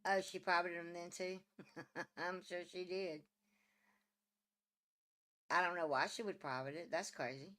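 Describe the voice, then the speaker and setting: A woman's voice: lowish voice, steady tone, measured pace, pauses often, pushed and bright. A woman hosting a casual livestream, teasing and laughing with her viewers by name. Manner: teasing, drawling, laughs often. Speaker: channel host.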